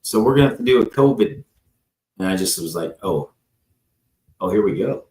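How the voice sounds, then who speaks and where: A man with a fairly low voice tells his personal story as a guest on a live talk show. He rambles, acts out the people in the story and keeps addressing the host. The recording has a roomy echo. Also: lively intonation, normal speed, mellow.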